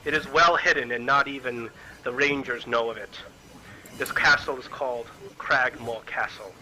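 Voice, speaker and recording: A man voicing a lustful, shifty male prisoner in a tabletop game, giving up what he knows slowly and hesitantly. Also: mid-range voice, pushed and bright, pitched below the performer's own voice, rough recording. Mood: confiding.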